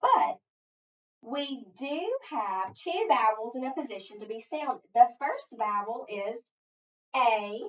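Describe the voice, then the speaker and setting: This woman's voice is a little high and expressive as she patiently leads a phonics lesson at a slow pace, asking her own questions and then supplying the answers. The audio feels distant and echoey, with a dull room tone.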